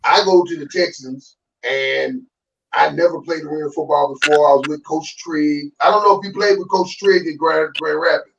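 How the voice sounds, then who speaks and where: A man in his fifties, a guest telling his own story in a relaxed, animated way, acting out what others said. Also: a little high, moderate pace, creaky, a little hiss or hum. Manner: animated, acts out quoted voices. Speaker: guest, former football player. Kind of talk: casual storytelling. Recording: distant, dull remote audio.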